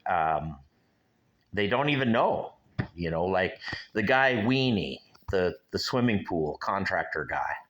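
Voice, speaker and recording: Rambling man in his sixties, bright voice. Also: deep voice, expressive, takes it slowly, a little hiss or hum. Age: 60s. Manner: rambling, musing, talks to viewers directly. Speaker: show host. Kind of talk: casual solo vlog chat.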